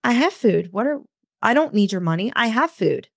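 A woman's voice: on the high side, big pitch swings, normal speed, vocal fry, no echo, clean studio sound, full character voice. Woman quoting a curt, dismissive stranger. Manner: curt, repetitive.

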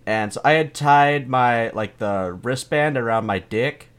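A man's voice: medium pitch, a little slow, a bit bright, clean tone. A young adult man, a comedian, telling a story in casual, rambling talk full of swearing and laughter. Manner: rambling, profane, laughing often. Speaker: comedian guest.

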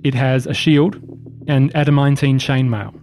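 A man running a tabletop game as game master, calling rules and narrating scenes in measured description. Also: mid-range voice, steady tone, darkish tone, soft background music.

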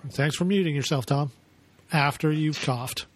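A man's voice: a little high, moderate pace, background noise. A man co-hosting a casual podcast, teasing and cracking jokes. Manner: teasing, wisecracking. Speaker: podcast co-host.

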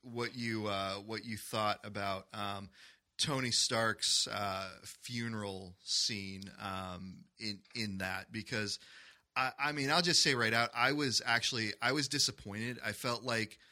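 A man's voice: lowish voice, fairly even intonation, pushed and bright. A man in a casual podcast chat, hesitant and full of fillers as he lays out his view. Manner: slow, hesitant, many fillers. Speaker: podcast co-host.

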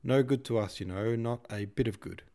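A man reading a novel aloud, voicing a brusque, boastful middle-aged shop manager, a bit higher and louder than his narration. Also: moderate pace, natural voice. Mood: pompous.

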